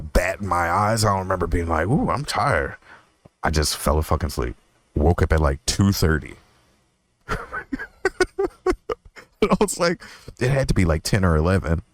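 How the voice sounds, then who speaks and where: A very deep-voiced young man tells a personal story on his own podcast, rambling and swearing freely. He laughs often and pops up into higher voices when he quotes himself. The sound is close and dry, with no room echo. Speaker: podcast host. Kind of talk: casual storytelling monologue.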